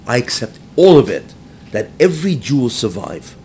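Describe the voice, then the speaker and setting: Animated rabbi teaching a class. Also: male voice, normal speed. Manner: animated, rising to near-shouting when acting out the text; mixes Hebrew phrases with English, keeps asking "right?". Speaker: rabbi giving a Torah class. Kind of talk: lecture to a live class. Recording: faint low rumble behind.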